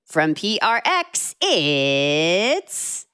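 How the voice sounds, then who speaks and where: A woman working as a radio announcer, playful and quick to banter with the host from her office. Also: fairly low pitch, a loud crowd, very noisy. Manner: playful, lively. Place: work office.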